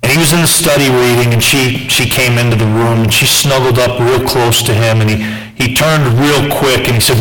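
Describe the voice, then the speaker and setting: Bright-voiced preacher asking the church questions. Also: male voice, medium pitch, fairly even intonation, measured pace, rough recording. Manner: preacher who asks the church questions and swings from loud to soft. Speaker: pastor. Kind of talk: sermon.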